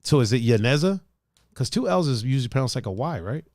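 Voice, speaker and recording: A man hosting a podcast in casual chat, animated and profane, laughing often. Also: mid-range voice, rapid-fire, dry recording, studio quality. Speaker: podcast host.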